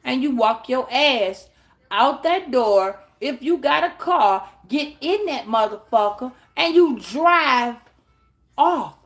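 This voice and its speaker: A high-voiced woman talks straight into her phone. She gives tarot advice bluntly and with plenty of swearing. She keeps breaking into acted-out little scenes. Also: takes it slowly. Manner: blunt, profane, animated, acts out little scenes. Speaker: tarot reader. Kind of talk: casual advice monologue.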